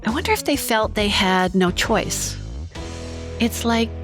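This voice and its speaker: A woman hosting a podcast, reading reflective narration and asking measured questions. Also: a little high, animated, music in the background. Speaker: podcast host.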